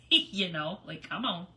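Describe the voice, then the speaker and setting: With a bright, forceful, fairly low voice, the woman host giggles and rambles through crafting chatter on a live stream. Her mic picks her up from a distance, with room noise around her.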